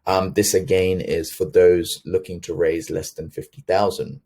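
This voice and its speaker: Here a man runs a sales webinar in a low, slightly mellow voice that barely shifts in pitch. He talks a little slowly and earnestly, leaning on filler words and often stopping to restart or fix what he said.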